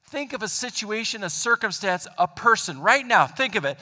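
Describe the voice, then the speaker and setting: High, bright-voiced preaching man. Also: sing-song, normal speed. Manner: emphatic, builds repeated lists. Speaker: pastor. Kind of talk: sermon with a told story. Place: church sanctuary. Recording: long hall reverb.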